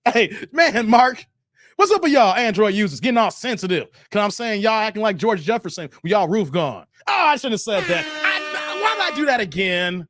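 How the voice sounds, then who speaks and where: A man's voice: high-pitched, big pitch swings, moderate pace, fairly bright tone. A man hosting a casual livestream, reading viewer comments and teasing them playfully with slang. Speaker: livestream host.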